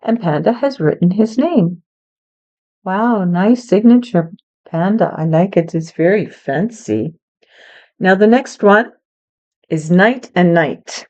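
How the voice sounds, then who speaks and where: A woman teaching English to learners, speaking slowly and clearly in a patient, encouraging way. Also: medium pitch, expressive, mellow, dull audio. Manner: patient, encouraging, talks to a child helper.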